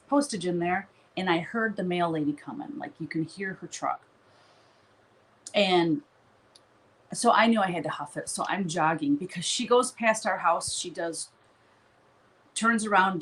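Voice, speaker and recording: A woman with a fairly low voice chats casually as she hosts a live stream from her studio. Her talk rambles from one thing to the next, and she laughs often along the way. A faint noise sits under her voice. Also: a bit bright, rough recording. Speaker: artist hosting a live stream.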